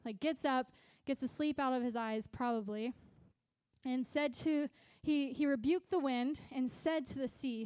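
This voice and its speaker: A young adult woman giving a youth sermon, chatty and animated, with lots of "like" and "right?" tag questions. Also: high-pitched, moderate pace, smooth, no room sound. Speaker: youth pastor.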